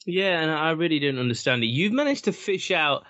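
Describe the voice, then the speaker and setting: A man co-hosts a casual football podcast in a fairly high voice. He talks in an animated way, stretching out words for emphasis and turning to his co-host by name. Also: a little fast, highs cut off. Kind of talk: casual sports chat.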